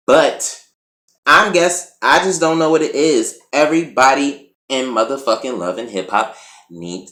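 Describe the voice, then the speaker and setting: A man giving a casual, profane and animated recap of a TV episode as a reviewer. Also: mid-range voice. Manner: profane, animated, acts out quotes. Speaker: TV show reviewer. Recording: echoey room.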